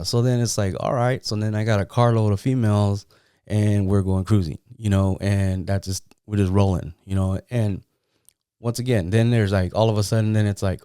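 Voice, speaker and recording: A man's voice: fairly low pitch, fairly even intonation, moderate pace, mellow, smooth, dry recording, clean studio sound. A middle-aged man from San Jose, California, hosting a podcast and telling rambling, profane, streetwise stories in a casual way. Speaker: podcast host. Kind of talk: casual storytelling.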